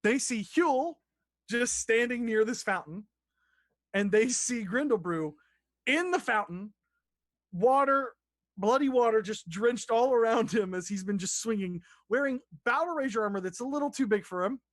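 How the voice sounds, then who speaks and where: A man's voice: very high-pitched, lively intonation, normal speed, a bit bright, no room sound. A man runs a tabletop game as its dungeon master. He narrates loosely, restarting sentences and swearing now and then. The recording is close and dry.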